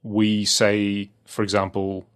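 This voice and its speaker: A man's voice: fairly low pitch, monotone, slow pace, smooth. A man with an Australian accent, co-hosting a podcast in casual chat, rambling with many fillers and restarts. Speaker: podcast co-host.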